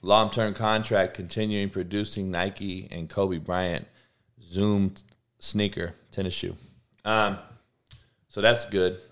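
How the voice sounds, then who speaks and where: A man's voice: low voice, flat delivery, takes it slowly, a bit bright. Profane slangy podcast host man. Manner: profane, slangy, talks back to chat. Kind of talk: casual live-stream chat.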